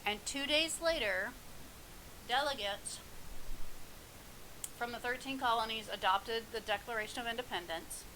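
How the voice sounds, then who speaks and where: Bright-voiced chatty woman vlogging. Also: a little high, a little slow, pauses often, slight background noise, low-quality recording. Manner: chatty, rambling, many ums and laughs. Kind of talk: casual mukbang vlog chat. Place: home, alone in the house. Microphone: mic in front of her.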